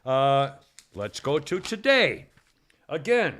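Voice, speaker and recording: Bright-voiced opinionated male talk host. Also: fairly high pitch, animated, moderate pace. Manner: blunt, opinionated, laughs often. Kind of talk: casual talk show banter.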